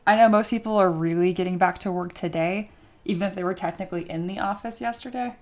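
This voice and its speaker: A woman's voice: medium pitch, quick pace, darkish tone. Chatty woman hosting a livestream. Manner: chatty, reads viewer comments aloud and answers them; upbeat and encouraging toward viewers. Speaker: livestream host and 3D sculptor. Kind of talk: casual livestream chat.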